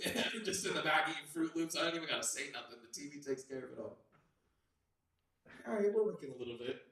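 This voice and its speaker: A man doing a rambling open-mic stand-up set with slangy talk and sudden shouted bits, from a club stage. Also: mid-range voice, quick pace, very echoey, recorded from a distance, poor audio. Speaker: stand-up comedian.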